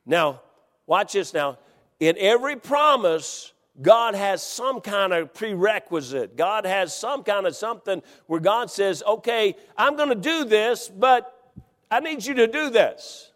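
A middle-aged man preaching a sermon in a church, fervently repeating lines and rising to shouts. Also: high voice, animated, a little slow. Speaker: pastor. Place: church sanctuary. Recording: long hall reverb.

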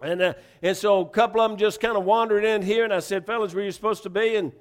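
A man's voice: high-pitched, fairly even intonation, quick pace. A man preaching a sermon, fervent and conversational, repeating phrases and restarting lines as he builds. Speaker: pastor.

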